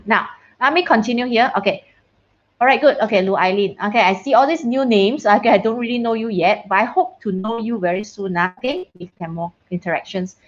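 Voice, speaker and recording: Her voice sits in the mid range and she talks briskly as she runs a science lesson for her online class on a video call. This teacher is casual and chatty, often making sure students can hear her and mixing in brief bits of Mandarin, while the audio has its highs cut off.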